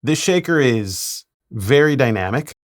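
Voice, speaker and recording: A man, a mix engineer, talking through a mixing tutorial in a relaxed way with playful asides. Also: mid-range voice, unhurried, soft background music.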